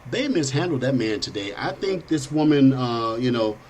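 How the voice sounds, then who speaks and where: A man's voice: medium pitch, animated, normal speed, a little mellow, low-quality recording. A middle-aged man hosting a political talk show, blunt and rambling in a conversational way. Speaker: host. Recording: faint background noise.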